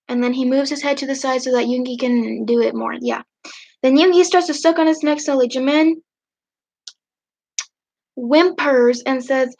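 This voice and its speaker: High-voiced woman reading fanfiction on stream. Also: steady tone, measured pace, darkish tone. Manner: giggly, chatty asides and throat-clearing. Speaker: livestream host. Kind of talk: casual reading of fanfiction on a livestream. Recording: dull lo-fi stream audio.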